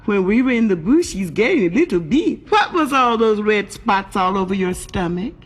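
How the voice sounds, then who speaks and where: A woman voicing a pushy young man who coaxes in a drawn-out way. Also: mid-range voice, animated, slightly rough, pitched above the performer's own voice. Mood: coaxing. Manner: coaxing, drawn-out.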